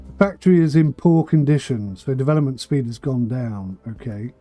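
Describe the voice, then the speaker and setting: Man on a game stream, mellow voice, dry asides, slight throat tickle, faint music behind. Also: medium pitch, expressive, moderate pace. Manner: thinks aloud while playing, dry asides. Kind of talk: casual charity livestream commentary.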